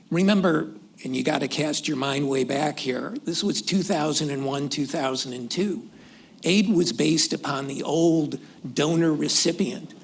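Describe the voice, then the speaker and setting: Gravelly man at a panel. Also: a little high. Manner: measured, deliberate delivery with occasional restarts. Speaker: panelist, former senior government official. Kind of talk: panel discussion remarks. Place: conference hall event.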